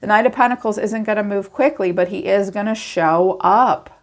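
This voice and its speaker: A woman giving a chatty tarot reading to camera, acting out quoted thoughts in animated asides. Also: mid-range voice, normal speed. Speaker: tarot reader.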